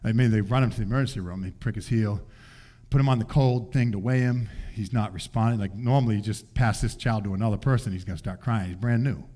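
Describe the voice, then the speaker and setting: An older man preaching, telling a family story in an animated way and acting out voices. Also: fairly low pitch, quick pace. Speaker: pastor. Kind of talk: sermon storytelling.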